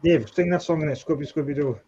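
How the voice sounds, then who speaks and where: A man's voice: a little high, quick pace, warm tone, slightly rough, lo-fi sound. A man hosting a live model-building stream, chatting casually and teasing his friends. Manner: joking, teasing, mumbles to himself. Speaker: model-building livestream host.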